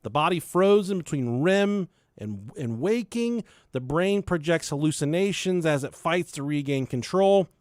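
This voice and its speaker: A young man hosting a podcast tells a story loosely and profanely in a casual chat, laughing along as he goes. His voice is a little high, expressive and darkish, delivered at a measured pace with few pauses, in a dry, clean studio recording.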